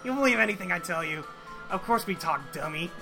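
A man's voice: sits high, lively intonation, fast talker, creaky, sharp tone, faint music behind, exaggerated voice. A man voicing a crude, contrary young male alien troll, talking in a nasal, mocking, insulting way. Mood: taunting.

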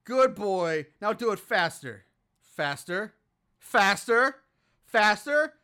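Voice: sits high, big pitch swings, normal speed, bright, forceful tone, heavily acted. A podcaster acting out a creepy, doting woman who coaxes and taunts a killer, during a film recap. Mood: taunting.

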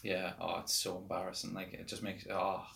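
A young Irish man with a very low, gravelly voice joins a podcast as a guest. He talks bluntly and rants with scorn when something annoys him. His speech is loose, full of restarts. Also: normal speed. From Ireland. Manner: blunt, scathing, animated rants. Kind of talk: casual chat.

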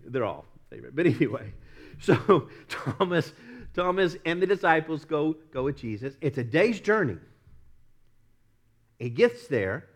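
Lively, animated male pastor preaching. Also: medium pitch. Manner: animated storytelling, acts out quoted voices, laughs often. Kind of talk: sermon.

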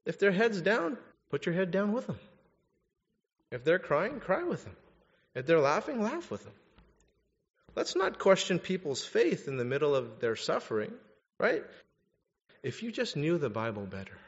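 A young adult man preaching a sermon, candid and animated as he tells personal stories, then direct as he exhorts his listeners. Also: high voice, moderate pace, long pauses. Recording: dull recording in a reverberant hall.

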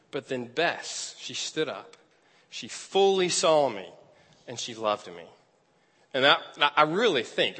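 Bright-voiced man preaching in a hall. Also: a little high. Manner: self-deprecating, chatty, laughing at himself. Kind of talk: storytelling sermon. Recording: long hall reverb.

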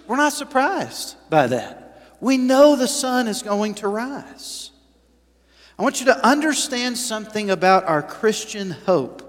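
A man preaching a sermon to his congregation, chatty and full of questions, swinging from quiet asides to loud emphatic points. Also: high voice. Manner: conversational, asks the congregation questions. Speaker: pastor. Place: church sanctuary. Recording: reverberant church hall.

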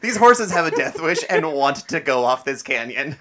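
A woman's voice: low-pitched, lively intonation, moderate pace, very noisy. A woman co-hosting a podcast, recapping a movie with dry, sarcastic quips. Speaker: podcast co-host. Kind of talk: casual movie recap chat.

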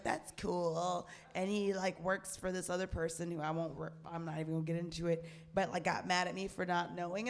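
A woman in her thirties telling a loud, profane story in casual chat, acting out the quotes with a rising voice. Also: lowish voice.

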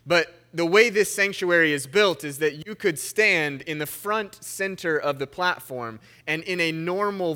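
A young pastor preaches a sermon in a church sanctuary, his voice slightly high, bright and forceful. He reads scripture with shifting emphasis, then moves into telling a story conversationally.

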